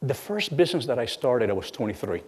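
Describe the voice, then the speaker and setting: A middle-aged man giving a lecture as guest speaker, telling stories with halting repeats and acting out bits of dialogue. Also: medium pitch, very animated, a little mellow, slightly rough. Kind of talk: lecture storytelling. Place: lecture hall. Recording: long hall reverb.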